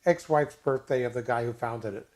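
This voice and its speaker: An older man chats casually as a co-host, his voice sitting at an ordinary middle pitch. He talks haltingly, full of fillers and restarts. Now and then he slips in a jokey aside. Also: a little mellow. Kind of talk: casual chat.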